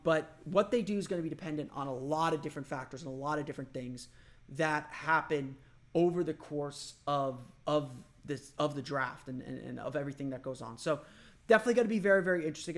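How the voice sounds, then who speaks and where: Guy from orlando doing a solo sports podcast, talks quick, voice sits a bit high, thinking out loud. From Orlando, Florida. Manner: thinks aloud, loose and conversational. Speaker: podcast host.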